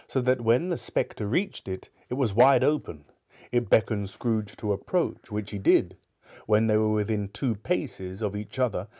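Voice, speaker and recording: A man narrating a classic novel aloud in a measured, expressive way. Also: on the low side.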